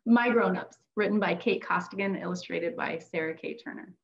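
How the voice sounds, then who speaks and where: A woman's voice: on the low side, moderate pace, creaky. A woman, a former teacher and children's book author, reads her picture book aloud in a teacherly way. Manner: teacherly read-aloud delivery. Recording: dull lo-fi audio.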